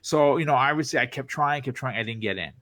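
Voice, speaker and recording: Man, podcast guest, distinctive voice, animated, frequent restarts, dry recording. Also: mid-range voice, fast talker, dry recording. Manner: animated, lots of restarts, acts out quoted reactions. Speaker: podcast guest, content creator. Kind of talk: casual chat.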